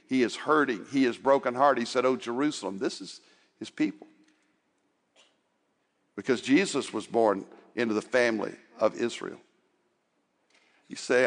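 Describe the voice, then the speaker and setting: A male preacher delivering an impassioned sermon. He rises into loud urging and then drops to quiet, hushed tones. His voice rings with a long hall reverb. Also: mid-range voice, creaky.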